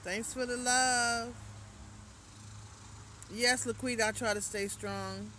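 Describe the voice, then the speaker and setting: A woman's voice: a little high, steady tone, takes it slowly, bright, forceful tone, slight background noise. A woman hosting a casual livestream, reading viewer comments and giving spiritual advice in a loose, rambling way. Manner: chatty and loose, trailing off and restarting. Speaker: livestream host.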